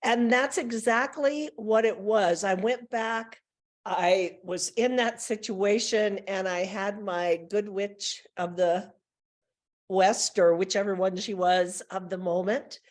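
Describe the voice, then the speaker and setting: A woman on a video call telling a personal story in a reflective, unhurried way, pausing as she thinks. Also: mid-range voice, steady tone. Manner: reflective, tells personal stories with pauses.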